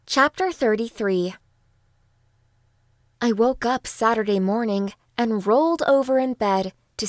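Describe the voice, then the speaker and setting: A woman narrating a first-person audiobook in a calm, even storytelling manner. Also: fairly high pitch, no room sound, studio quality.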